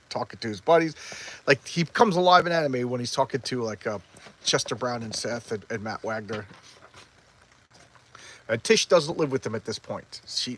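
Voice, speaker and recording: A man casually walking through a comic book issue, rambling and halting with lots of restarts, openly enthusiastic about the panels he loves. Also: mid-range voice, a bit bright, poor audio. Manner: rambling, halting, stumbles over words. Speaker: comic book collector reviewing back issues. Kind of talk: casual comic review chat.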